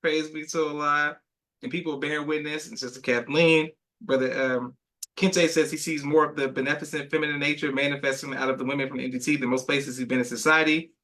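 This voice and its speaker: A man's voice: fairly high pitch, fairly even intonation, a little fast, sharp tone. A man hosting a live podcast, affirming his guest and reading viewer comments aloud in an upbeat manner. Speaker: podcast host.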